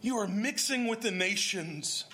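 A man's voice: sits high, animated, a little slow, bright, forceful tone, slight background noise. A man preaching a sermon, explaining scripture verse by verse and putting questions to his congregation. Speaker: pastor.

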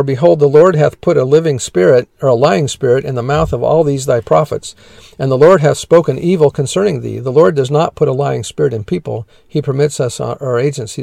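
A man reading old scripture aloud in a measured, plain way and pausing to explain the verses as a teacher. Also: mid-range voice, creaky, darkish tone, no room sound.

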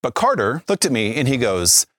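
Animated man telling a faith story. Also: medium pitch, moderate pace, dry recording, studio quality. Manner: animated storyteller, acts out quotes, frequent "right?". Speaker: Catholic speaker, former youth minister.

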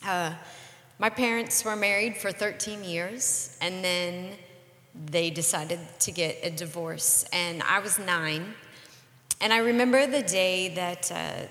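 A woman's voice: on the low side, slow, fairly bright tone. A woman in her forties telling a personal story on a podcast, earnest and reflective. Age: 40s. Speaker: podcast co-host. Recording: roomy reverberant room.

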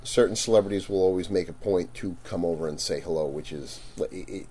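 Guy chatting about his work, kinda low voice, gets loud and animated acting out quotes. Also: a little fast, husky. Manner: animated, laughing, acts out quotes loudly. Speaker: guest vendor. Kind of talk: casual storytelling chat.

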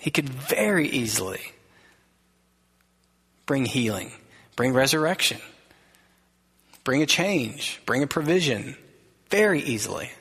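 A man preaching a sermon as pastor, earnest and conversational, dropping to a soft gentle voice for quoted words. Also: medium pitch, lively intonation, measured pace, long pauses, husky. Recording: long reverb of a large hall.

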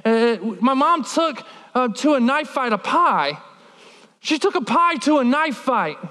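A man preaching a sermon, telling a childhood story in an animated, humorous way with lots of filler words. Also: extremely high pitch, unhurried, big-room sound. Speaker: pastor.

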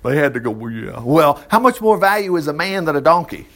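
A man teaching from the Bible in a folksy, animated way, reading verses aloud and adding asides. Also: fairly high pitch, quick pace. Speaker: preacher.

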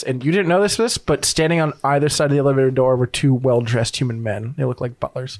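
A man's voice: medium pitch, steady tone, fast talker, few pauses, a little mellow, no room sound. A young man narrating as game master, casual and rambling with many fillers.

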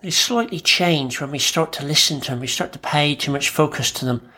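A man, a therapist, talking calmly and reflectively on his own podcast in short, measured phrases. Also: fairly high pitch, husky. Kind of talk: solo podcast talk.

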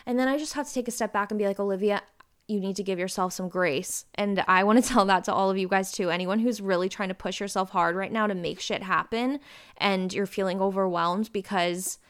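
A woman in her twenties hosting a podcast, talking casually and openly with lively bursts of emphasis. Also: medium pitch, brisk, clean tone. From Ohio. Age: 20s. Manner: chatty, open and confessional, with lively bursts of emphasis. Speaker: podcast host. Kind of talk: casual personal chat.

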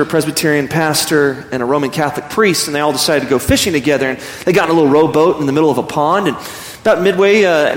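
A man preaching a sermon as pastor, earnest and animated, often restarting his phrases. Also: on the high side, reverberant, in a large hall.

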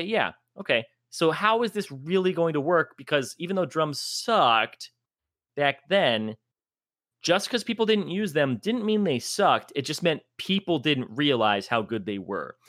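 A man with a voice on the high side co-hosts a casual gaming podcast at a moderate pace, recorded in studio quality with no echo. A former esports commentator, he goes on exasperated, animated rants, swearing freely and laughing at his own jokes in asides.

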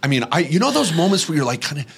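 Male podcast host, middle-aged, animated storyteller with a very lively pitch. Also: very fast, breathy edge. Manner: lively, acts out voices in anecdotes.

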